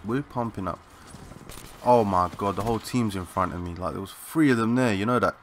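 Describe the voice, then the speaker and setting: A young man giving excitable, swearing live commentary while playing a shooter, calling out to teammates in slang. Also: on the low side, brisk, slight background noise. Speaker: gaming channel host.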